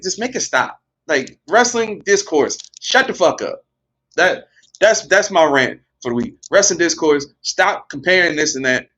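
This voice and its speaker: A man's voice: high-pitched, fairly bright tone, lo-fi sound. A man on a wrestling podcast, ranting in casual chat, blunt and profane and exasperated.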